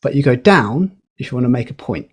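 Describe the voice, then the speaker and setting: Teacherly man explaining with lively emphasis. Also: medium pitch, a little fast, slightly rough. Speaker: podcast guest, communication educator. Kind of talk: explaining, casual podcast chat.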